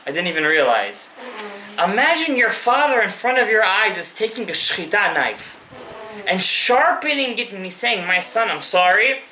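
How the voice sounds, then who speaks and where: Male rabbi teaching a live class, impassioned and direct, bright tone, swinging pitch, echoey room. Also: very animated, normal speed, slight background noise. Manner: impassioned, addresses listeners directly, mixes in Hebrew terms. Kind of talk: live Torah class to an audience.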